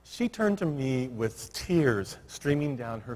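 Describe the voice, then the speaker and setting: A man telling a story in a keynote address, acting out every line of dialogue. His voice is husky and sits fairly high, and his pitch swings widely. It echoes with a long reverb across a large hall. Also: slow, few pauses. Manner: animated storyteller who acts out the dialogue. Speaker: keynote speaker.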